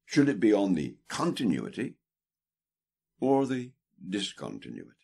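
A man with a low, husky voice reads a theology book aloud for an audiobook. His delivery is deliberate and emphatic, leaning hard on key words, and his pitch rises and falls a great deal. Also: wildly swooping pitch, warm tone. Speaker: audiobook reader.

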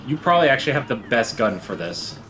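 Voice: medium pitch, sing-song, fast talker, over music. A friend playing a game in co-op, chatting casually and joking, crying out when hit. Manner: jokey, yelps at hits. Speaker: co-op gaming partner. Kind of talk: casual gameplay chat.

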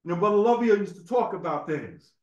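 This high-voiced man talks a little fast, his pitch swinging widely, his tone a little mellow, with the highs cut off in the recording. At a religious temple meeting in an echoey room, he preaches informally through personal stories, repeating words and asking "right?".

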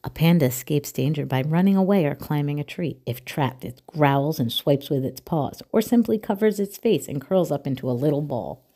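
A woman reading a children's picture book aloud with clear, expressive storytelling. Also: deep voice, moderate pace, few pauses.

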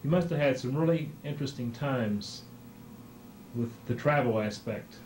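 A man's voice: mid-range voice, normal speed, darkish tone. A man conducting an interview, asking conversational, prompting questions. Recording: roomy, faint noise.

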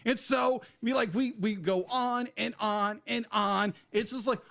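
A man's voice: extremely high pitch, a little slow, gravelly, few pauses, sharp tone. A man co-hosting a podcast, ranting emphatically and with exasperation about an anime character. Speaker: podcast co-host. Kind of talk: casual podcast review.

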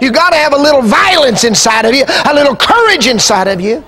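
A man preaching an impassioned sermon that rises into shouts and calls for the congregation to answer. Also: very high voice, lively intonation, brisk, breathy edge. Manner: impassioned, rising into shouts and call-and-response. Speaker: pastor. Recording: archival 2000 TV broadcast.

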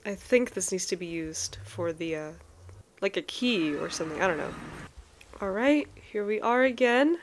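A young woman giving casual gameplay commentary as a let's play host, excitable, with frequent gasps and exclamations. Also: medium pitch, normal speed, a little hiss or hum. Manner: excitable, gasping and exclaiming often.

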